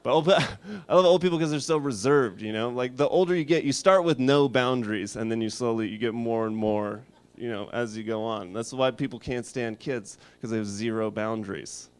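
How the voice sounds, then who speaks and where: Rambling deadpan comedian guy. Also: medium pitch, brisk, hardly any pauses, clear, resonant tone. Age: 30s. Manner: deadpan, rambling, shouts voices for bits. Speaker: stand-up comedian. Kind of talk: stand-up comedy set.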